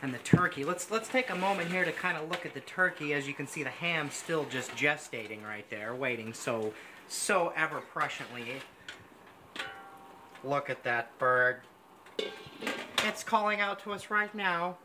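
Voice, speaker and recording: In a home kitchen, a man hosts a mock cooking show, gushing pompously over every dish while he works. His voice is fairly high and his speed normal, with noisy kitchen sound in the recording.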